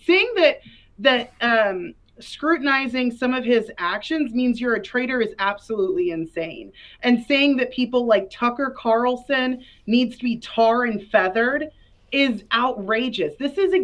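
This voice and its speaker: A woman argues on a live panel, sounding fed up and exasperated. Her voice is a bit high, and the audio comes through dull and lo-fi. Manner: frustrated, exasperated complaining. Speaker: debate panelist. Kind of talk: casual political debate.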